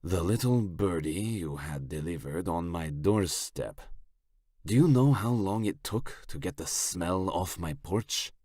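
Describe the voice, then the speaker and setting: A man voicing a smug, leering Italian crime boss with a thick Italian accent, talking slowly and with menace. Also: low voice, animated, darkish tone, husky, no room sound, studio quality, full character voice. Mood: menacing.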